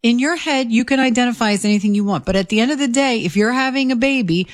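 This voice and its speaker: A woman's voice: fairly high pitch, fast, no room sound, studio quality. A woman co-hosting a talk radio show, blunt, sarcastic and emphatic. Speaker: radio co-host. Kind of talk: opinionated talk radio banter. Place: radio studio.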